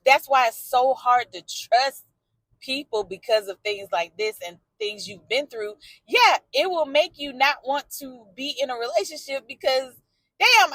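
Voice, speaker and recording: A woman's voice: sits high, a bit bright, no echo. A woman talking candidly in a personal vlog from her car, emotional and outspoken, swearing and answering back to a story she follows. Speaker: vlogger.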